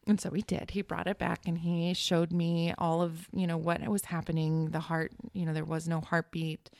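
A woman telling a painful personal story in a halting, emotional way as a podcast guest. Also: fairly low pitch, flat delivery, creaky, a little mellow, no echo. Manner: halting, emotional, reliving the moment. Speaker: guest sharing her story.

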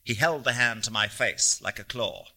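A man narrating a literary audiobook in a measured, descriptive reading. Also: lowish voice, bright, forceful tone.

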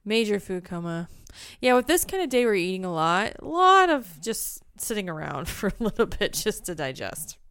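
Co-host: woman, clear smooth voice, playful teasing, dry close mic. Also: mid-range voice, sing-song, moderate pace, a bit bright, dry recording. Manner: laughs easily, teasing. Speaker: podcast co-host. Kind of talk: casual chat.

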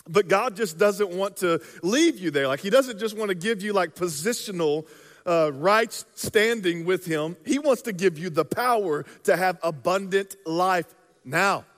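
High-voiced male pastor preaching in a hall. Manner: casual, conversational preaching with fillers and acted asides. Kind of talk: sermon.

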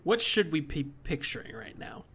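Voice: medium pitch, big pitch swings, normal speed, fairly bright tone, husky. A co-host tossing in mock-dramatic quips during a story. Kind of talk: casual banter.

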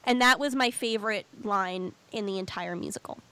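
A woman chatting casually with a co-host, recapping a musical and acting out lines in an animated way. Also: medium pitch, normal speed, clear, resonant tone, no room sound. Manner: animated, acts out quotes. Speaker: podcast co-host.

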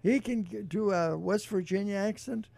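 Male radio host, high pitch, dark mellow tone, chatty, halting with restarts. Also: vocal fry. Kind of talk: casual radio chat and read ad. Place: radio studio.

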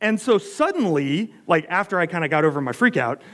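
A man's voice: a little high, sing-song, brisk, a bit bright. An American man giving a sermon, telling a story in a chatty, self-deprecating way with many fillers. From United States. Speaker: pastor.

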